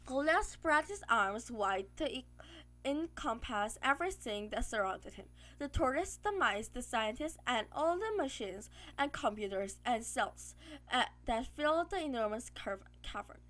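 Woman reading a kids book out loud, high voice, trips over words and restarts. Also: unhurried. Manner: steady reading with frequent slips and restarts. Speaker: audiobook reader. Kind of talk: reading a children's novel aloud.

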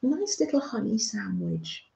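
A middle-aged British woman with a soft, motherly manner, hosting a craft livestream and chatting gently with viewers. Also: mid-range voice, very animated, normal speed, creaky, slight background noise. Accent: British English. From Britain. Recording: roomy, slightly dull home stream audio.

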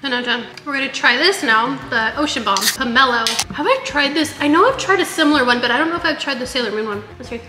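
A woman's voice: sits high, quick pace, few pauses. A young woman chatting to viewers in a casual cooking vlog, a bit frantic as she cooks in her kitchen. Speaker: vlogger. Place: home kitchen. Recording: echoey kitchen with long reverb. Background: soft background music.

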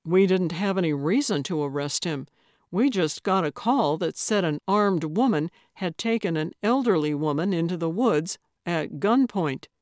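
A woman's voice: lowish voice, animated, moderate pace, darkish tone, no echo, natural voice. A woman voicing a patient, mildly skeptical male police officer with a dry manner in an audiobook. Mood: wry.

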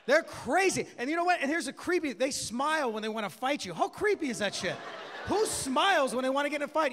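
A man doing stand-up comedy on a club stage, brash and profane with loud bursts. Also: very high voice, big pitch swings, fast talker. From Mexican-American. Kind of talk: stand-up set. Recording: live club recording with hall echo and crowd noise. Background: crowd laughter.

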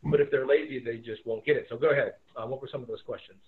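A man's voice: medium pitch, fast talker. Casual male teacher on a tinny line. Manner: relaxed, rambling, many fillers. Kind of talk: remote lesson over video call. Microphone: video call. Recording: tinny phone-like audio.

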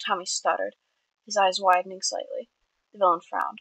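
A woman's voice: medium pitch, little pitch movement, brisk, vocal fry, pushed and bright, dry recording, poor audio. A woman reading her own story aloud earnestly, with small slips and restarts. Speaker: amateur writer.

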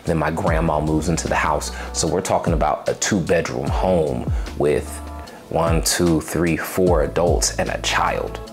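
A man's voice: a bass voice, unhurried, music in the background. A young man telling a personal testimony, acting out his past words with rising emotion. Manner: animated retelling, acts out his own past voice. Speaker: storyteller sharing a personal testimony. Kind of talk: personal storytelling.

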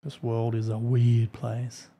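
A man's voice: mid-range voice, completely flat delivery, takes it slowly, creaky, dark tone, breathy edge. A young man streaming a game, chatting casually, swearing often, blunt and grumbling between laughs. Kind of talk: casual live-stream chat while gaming.

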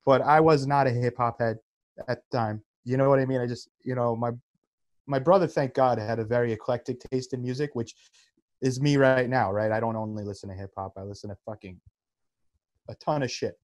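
A man's voice: mid-range voice, fairly even intonation, brisk, darkish tone. A man in his thirties co-hosts a podcast, and his voice sits in a plain middle register. He talks in loose casual chat, tells the story with animation and swears freely. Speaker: podcast co-host.

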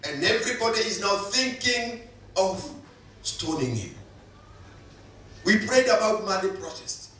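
A man's voice: high voice, very animated, unhurried, long pauses, bright, forceful tone, slight background noise. A male pastor, preaching a sermon with emphatic repetition. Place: church hall. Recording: echoey hall, voice from far off.

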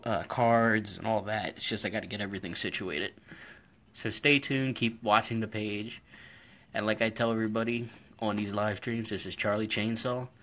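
Male stream host, lower voice, loose chatty storyteller, talking into a phone in his workshop. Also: fairly bright tone. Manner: rambling, chatty storytelling with frequent fillers. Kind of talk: casual live-stream chat. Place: indoor home workshop. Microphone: phone camera.

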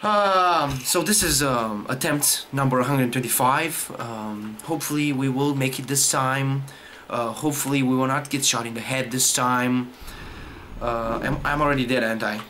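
A young man commentating his gameplay, swearing constantly, taunting the game and shouting in frustration. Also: medium pitch, moderate pace, slight background noise. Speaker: gaming YouTuber. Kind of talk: profane rage-quit gameplay commentary.

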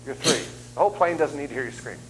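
This middle-aged guest preacher is a fast talker with a medium-pitched voice, joking and animatedly acting out voices and screams in his sermon. The church sanctuary recording has heavy background noise.

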